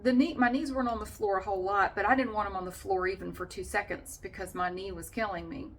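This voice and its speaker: A woman's voice: medium pitch, steady tone, fast, slight background noise. A middle-aged woman vlogging in a casual, chatty way with frequent fillers. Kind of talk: casual chat to camera.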